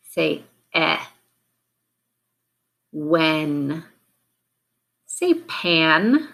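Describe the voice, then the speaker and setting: A woman teacher with a low voice leads a classroom drill at a very slow pace. She is patient and says each prompt clearly, with long pauses between words. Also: big pitch swings, fairly bright tone.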